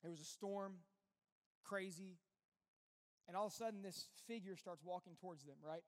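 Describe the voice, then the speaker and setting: A pastor preaching a sermon in an earnest, conversational way, full of rhetorical questions. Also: male voice, sits high, normal speed. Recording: long reverb with faint music behind.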